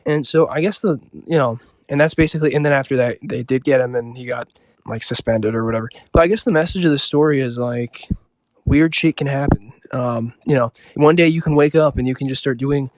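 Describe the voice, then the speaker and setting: A man's voice: medium pitch, brisk, darkish tone, dry recording. A young man casually improvising a rambling story, full of fillers and offhand asides.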